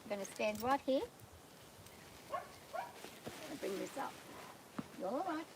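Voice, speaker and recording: A woman working a nervous horse on a farm, calmly coaxing the animal while explaining each step to viewers. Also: fairly high pitch, unhurried. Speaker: horse trainer. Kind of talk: narrated training vlog. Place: outdoors on a farm on a windy day. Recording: outdoor recording with loud wind noise.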